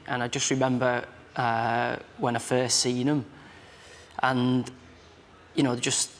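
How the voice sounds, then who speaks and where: A man's voice: mid-range voice, level tone, slow, big-room sound. A man in his thirties with a Merseyside accent, chatting as a guest on a talk show, rambling and restarting his sentences. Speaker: guest, footballer. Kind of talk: casual chat show talk.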